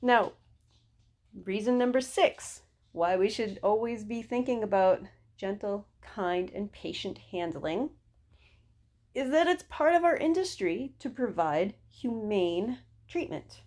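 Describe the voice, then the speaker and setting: A woman's voice: mid-range voice, takes it slowly. A middle-aged woman hosting a podcast for dog groomers, talking casually and animatedly, laughing often and repeating herself. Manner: acts out calm soothing talk to dogs and owners. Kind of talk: casual solo podcast teaching.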